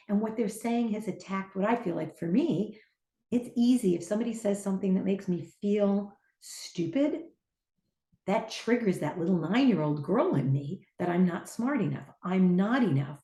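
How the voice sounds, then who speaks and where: A middle-aged woman teaching on a podcast, an animated storyteller who acts out the voices she quotes. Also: medium pitch, normal speed. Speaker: podcast guest, teacher and trainer. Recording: echoey room.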